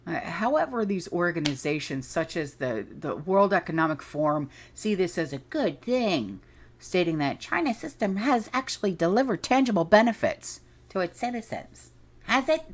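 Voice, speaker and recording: Low-pitched woman, middle-aged, indignant rambling rant, casual host. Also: slightly rough. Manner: rambling, indignant, goes off on tangents. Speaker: channel host. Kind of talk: casual ranting monologue.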